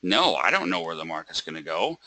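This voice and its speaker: Guy running a trading webinar, super bright sharp voice, keeps asking "right?", dry close sound. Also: deep voice, very animated, brisk, dry recording. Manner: rhetorical questions, frequent "right?" and "okay?" check-ins; dramatizes trader stress with repeated words. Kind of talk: live webinar lesson.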